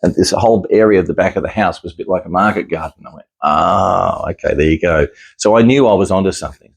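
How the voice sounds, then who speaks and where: A man's voice: deep voice, fast talker, creaky, slightly rough. A man talking casually to camera as a psychic medium, rambling and restarting his sentences. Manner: rambling, with frequent restarts and easy chuckles. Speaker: psychic medium sharing experiences.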